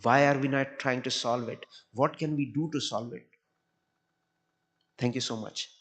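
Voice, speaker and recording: A man's voice: mid-range voice, fairly even intonation, a little slow, fairly bright tone. A man giving a devotional talk at a temple program, earnest, often repeating words as he searches for the next phrase. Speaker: temple speaker.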